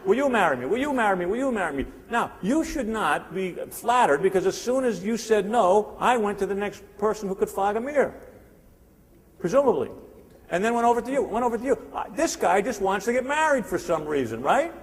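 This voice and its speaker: His voice sits high and his intonation is lively as this motivational sales trainer, in his sixties, speaks fairly quickly at a live seminar. In a large hall with long reverb, he teases the audience and hammers points home repetitively.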